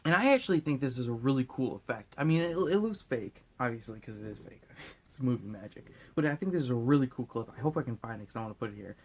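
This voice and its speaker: A man's voice: medium pitch, animated, quick pace, slight background noise. A drunk man recapping a movie in a loose, crude, rambling way, often acting out lines in silly voices. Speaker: host.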